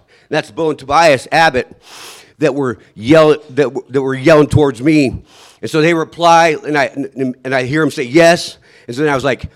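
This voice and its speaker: A man telling a personal survival story in a halting, emotional way, often trailing off and restarting, and acting out his own shouts. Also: mid-range voice.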